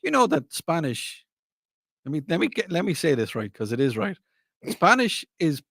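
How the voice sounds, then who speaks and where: A man's voice: medium pitch, dry recording, clean studio sound. A man hosting a radio talk show, chatting casually and rambling, often correcting himself mid-sentence. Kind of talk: casual chat.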